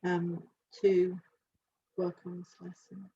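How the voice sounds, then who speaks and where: Halting woman giving an animal reading. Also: fairly low pitch, completely flat delivery, dark tone, slightly rough. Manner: halting, searching, thinking aloud. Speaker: animal communicator. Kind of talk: live reading session. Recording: dull lo-fi sound with faint hiss.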